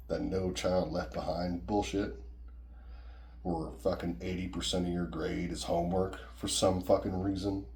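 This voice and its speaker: A man's voice: low voice, creaky, darkish tone. A man casually telling a personal story in a rambling, profane, conversational way.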